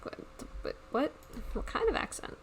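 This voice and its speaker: This woman livestreams herself playing a block-building game, talking in a loose, rambling way with frequent laughter. She speaks at a normal speed, and there's slight noise in the background.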